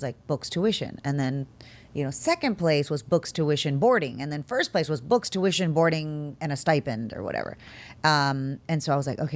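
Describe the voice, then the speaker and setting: A woman from Texas, an interview guest telling a casual story, animated, laughing often and acting out what her family said. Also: sits low.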